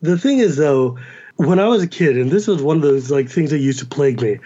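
An American man with a Californian accent, a guest chatting casually and animatedly, with quick asides and laughs. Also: on the high side, expressive, mellow, dull audio. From United States. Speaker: podcast guest. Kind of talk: casual chat.

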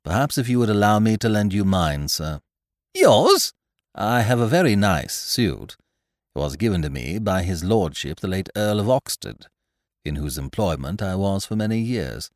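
A man voicing a stiff, formal older landlord who speaks in a grave, deferential, measured way. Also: lowish voice, big pitch swings, no room sound, studio quality. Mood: solemn.

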